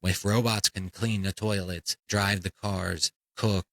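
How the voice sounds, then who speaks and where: A man's voice: low voice, steady tone, slow, vocal fry, a bit bright, dry recording, poor audio. A man hosting a comedy podcast, ranting in a blunt, profane, fired-up way. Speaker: podcast host.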